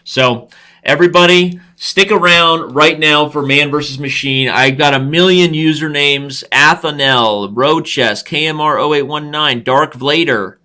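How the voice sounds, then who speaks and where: A man's voice: on the high side, unhurried, pushed and bright. A young man hosting a live chess stream, rambling, joking and breaking into song. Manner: goofy, rambling, breaks into singing. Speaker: host.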